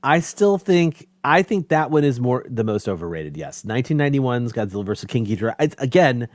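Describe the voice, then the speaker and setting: Animated podcaster chatting casually. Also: male voice, medium pitch, no echo. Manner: enthusiastic, laughs often, quick asides. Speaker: podcast host, guest. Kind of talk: casual live-stream chat.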